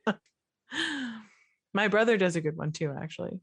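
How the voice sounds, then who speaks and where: A woman's voice: medium pitch, big pitch swings, unhurried, husky, no room sound. A woman co-hosting a podcast in casual chat, giggly and self-deprecating. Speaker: podcast co-host.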